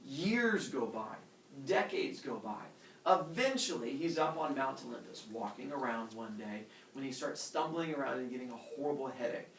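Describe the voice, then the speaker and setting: A male teacher retelling a myth to his class in a casual, animated way, full of fillers and sound effects. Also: medium pitch, moderate pace, a little hiss or hum. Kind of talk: storytelling lesson. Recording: roomy classroom from far off.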